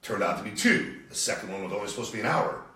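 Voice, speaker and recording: Man with a quiet, somewhat monotone voice. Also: fairly low pitch, racing, roomy sound, far from the mic, noisy background. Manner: subdued, somewhat monotone speech. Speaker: radio show co-host. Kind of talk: casual radio chat. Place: home studio.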